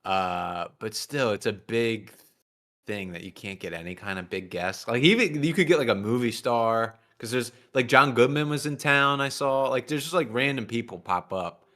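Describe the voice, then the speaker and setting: A man guesting on a comedy talk show, chatting in a rambling, animated way. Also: medium pitch, normal speed.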